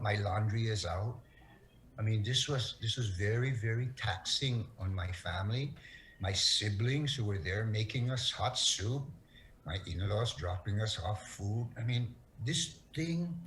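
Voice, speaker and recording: A middle-aged man from Guam, an interview guest telling his story in an earnest, halting way that repeats words. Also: on the low side, a bit bright, slight background noise, poor audio. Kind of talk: emotional interview testimony.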